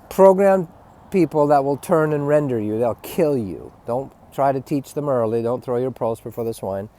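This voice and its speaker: Guy rambling through a spiritual webcast talk, emphatic and preachy, kinda high voice. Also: darkish tone. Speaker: spiritual teacher.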